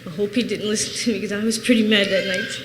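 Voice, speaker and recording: A woman's voice: medium pitch, fairly even intonation, fast talker. Woman from Chicago, thirties, earnest plain-spoken church testimony, long reverb, faint hiss. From Chicago, USA. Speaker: church member giving testimony. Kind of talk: personal testimony.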